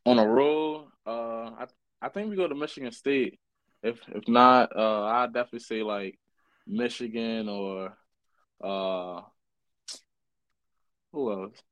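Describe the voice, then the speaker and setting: A man's voice: medium pitch, takes it slowly, long pauses, fairly bright tone, no echo, muffled recording. A young man from Baltimore, a college basketball player, answering casually with lots of "you know". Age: young adult. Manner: easygoing, fillers like you know. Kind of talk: casual interview.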